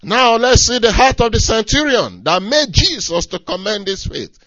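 A man preaching a sermon, moving from near-hushed lines to shouted emphasis, with repetitive, emphatic phrasing. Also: sits high, very animated, moderate pace, dry recording, lo-fi sound.

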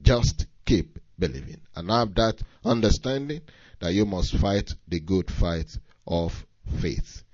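Guy preaching, gets loud and high when he pushes a point, kinda muffled dry recording. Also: lively intonation, takes it slowly, no room sound. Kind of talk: sermon.

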